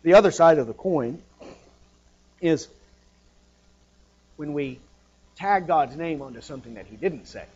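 Impassioned high-voiced male preacher. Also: lively intonation, measured pace, pauses often, husky, highs cut off. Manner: impassioned, rising to loud emphatic peaks then dropping low. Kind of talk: sermon.

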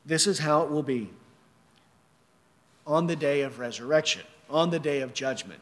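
A man's voice: fairly high pitch, normal speed, long pauses. A man preaching a sermon, earnest and emphatic, reading scripture and asking the listeners rhetorical questions. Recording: long hall reverb.

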